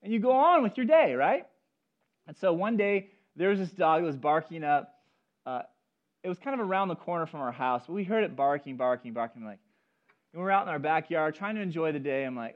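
High, lively male pastor preaching. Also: brisk, muffled recording. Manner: animated, talks directly to the congregation and children. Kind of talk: sermon with personal stories. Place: church service.

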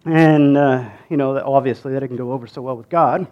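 A man's voice: mid-range voice, fairly even intonation, brisk, narrow, tinny audio. A man retelling a Bible story in a casual, conversational way, with many fillers, restarts and asides to the listener.

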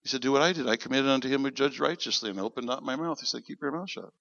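Gravelly-voiced man preaching a sermon. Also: medium pitch, racing, no room sound. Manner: animated, acts out quoted dialogue. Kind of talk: sermon storytelling. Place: church. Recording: dull lo-fi sound.

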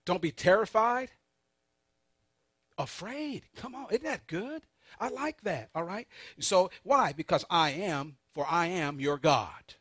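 Fervent high-voiced male preacher. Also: expressive, slow, husky, no echo. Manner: call-and-response preaching, urging the congregation; swings between soft asides and loud emphatic peaks. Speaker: pastor. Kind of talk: sermon.

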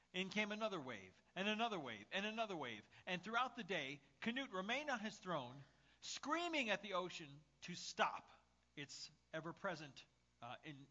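A male pastor with a summer cold preaches in a church in a storytelling manner full of fillers and restarts. His voice is high and animated, and it rises and falls widely. The recording sounds slightly muffled. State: has a summer cold, coughing. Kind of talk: sermon.

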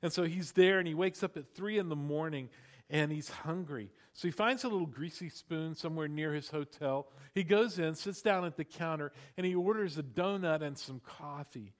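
A middle-aged man preaching a sermon in a lively, conversational way, with frequent asides to the congregation. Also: fairly high pitch, normal speed. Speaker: pastor. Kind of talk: sermon with storytelling.

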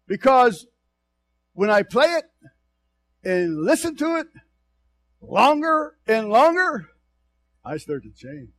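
A man preaching a sermon, dropping to low, quiet asides and then rising to loud, shouted exhortation. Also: a little hiss or hum.

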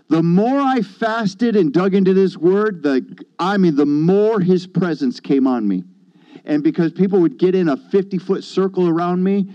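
A man telling his conversion testimony with emphatic bursts and hushed asides. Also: sits high, muffled recording. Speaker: guest sharing his testimony. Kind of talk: animated testimony.

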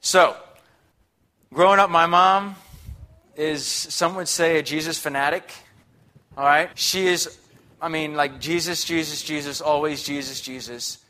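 A young guest preacher gives a chatty, upbeat sermon, frequently checking in with the congregation in a conversational way. His voice is a little high and sharp-toned, a bit slow, with frequent pauses.

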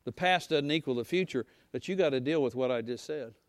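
Talking directly to his congregation, a middle-aged pastor delivers a homespun, conversational sermon that occasionally climbs to a shout. He speaks a little fast in a mid-range voice, recorded with no echo.

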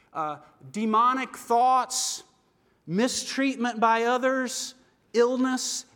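This middle-aged pastor has a high, light, sharp-toned voice and an earnest, conversational manner, frequently posing questions to his congregation. His sermon echoes through a long church hall with heavy reverb.

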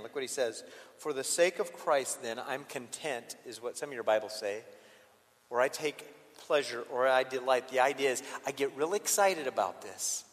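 A man preaching a sermon as a pastor, swinging between loud emphatic peaks and quiet intimate asides. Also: mid-range voice. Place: church sanctuary. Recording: long reverb of a large hall.

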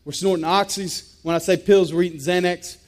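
A man speaks in a notably high register. He delivers a personal testimony in an intense, emphatic way. He often repeats a phrase to press the point home. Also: steady tone, a little fast, darkish tone. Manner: intense, repetitive, emphatic storytelling.

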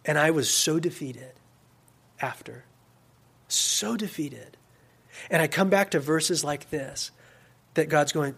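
A man with a slightly high voice delivers a relaxed, conversational sermon as a youth pastor. He pushes some points out loud and with energy, then drops to soft, quiet asides. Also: slow pace, vocal fry, long pauses, husky. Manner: casual and animated, swings between loud emphasis and quiet asides.

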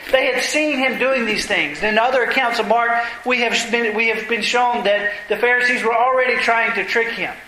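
A man, a pastor, preaching a sermon to his congregation, earnest and slowing down low for emphasis. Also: pushed and bright, slight background noise. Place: church sanctuary. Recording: echoey church room, faint ambience.

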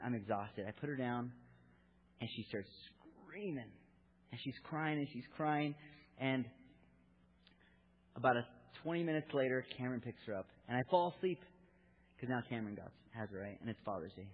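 Husky-voiced pastor man, tinny sound. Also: mid-range voice. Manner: halting, repeats words, shifts between loud and hushed. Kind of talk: sermon.

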